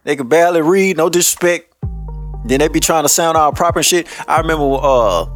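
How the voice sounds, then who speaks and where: A man's voice: a little high, brisk, faint music behind. A man hosting a podcast, ranting blunt, profane commentary and laughing often. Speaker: podcast host.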